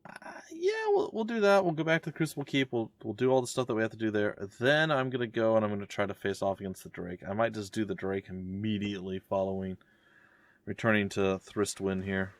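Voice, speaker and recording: Man, gamer, casual commentary, wry humor, low pitch, dry sound. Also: expressive, brisk, no room sound. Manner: wry, joking asides. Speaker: let's play gamer. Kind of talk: casual gameplay commentary, reading dialogue aloud.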